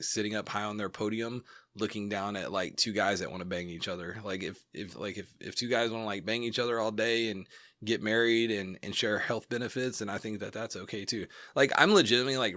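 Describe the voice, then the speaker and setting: A man's voice: on the low side, sharp tone, no echo. A man co-hosting a podcast in casual chat, rambling with lots of fillers and blunt, profane opinions. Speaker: podcast co-host. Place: home studio. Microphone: studio mic.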